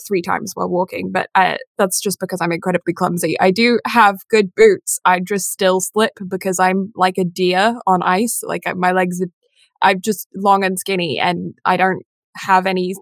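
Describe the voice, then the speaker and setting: A woman's voice: mid-range voice, fairly even intonation, moderate pace, no room sound. A woman in her twenties co-hosting a podcast, rambling casually with giggles and self-deprecating asides. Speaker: podcast co-host. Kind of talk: casual chat.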